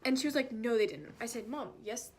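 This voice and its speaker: A woman's voice: on the high side, big pitch swings, fast talker, background noise. Chatty young woman telling a dramatic storytime. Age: young adult. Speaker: vlogger. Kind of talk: storytime vlog.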